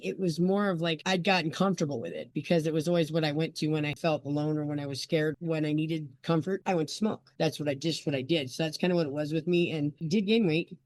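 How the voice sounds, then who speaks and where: Woman, 40s, candid guest, chatty and rambling, brisk delivery, dead-dry sound. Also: sits low, a little mellow, no room sound. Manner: rambling and chatty, full of "you know" and "I'm like". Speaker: interview guest, memoir author. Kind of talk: candid personal storytelling.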